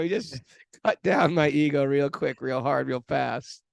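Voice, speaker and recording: A man's voice: mid-range voice, measured pace, gravelly, no echo. A man co-hosting a spiritual podcast, telling a self-mocking story in a rambling, chatty way. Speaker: podcast co-host. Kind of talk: casual spiritual chat.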